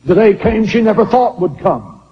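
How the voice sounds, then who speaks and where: Fiery high-voiced preacher man. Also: sing-song, moderate pace, in a large hall, highs cut off, a little hiss or hum. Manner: fiery preaching, swinging from shouts to hushed lines. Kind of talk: sermon.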